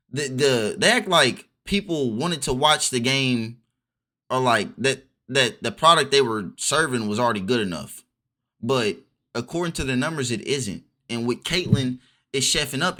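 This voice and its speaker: Young guy ranting on his vlog, lively up and down voice, bright and a bit high. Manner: heated, repetitive ranting with many restarts. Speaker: vlogger.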